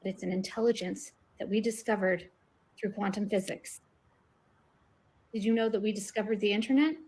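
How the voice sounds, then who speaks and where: A woman guest on an online talk show, her voice sitting at a middle pitch. She explains her theories earnestly, pushing her emphasis up on the key points. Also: steady tone, moderate pace, a little mellow. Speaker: guest researcher. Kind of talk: casual online discussion.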